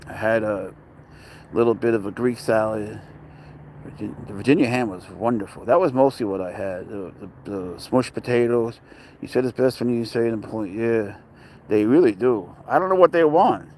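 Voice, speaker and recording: A man's voice: lowish voice, normal speed, darkish tone, slight background noise. A man chatting casually outdoors at a dog park, joking, talking to his cat and greeting viewers by name. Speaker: pet owner vlogger. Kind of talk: casual rambling chat.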